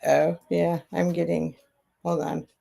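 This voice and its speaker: A woman's voice: lowish voice, little pitch movement, slow, gravelly, dark tone. A middle-aged woman hosting a casual live sale stream, talking in a chatty, rambling way with emotional asides.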